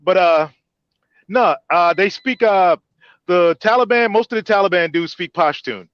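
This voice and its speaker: A man hosting a podcast, an animated, joking storyteller in casual banter. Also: high voice, a little slow, dry recording, muffled recording. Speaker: podcast host.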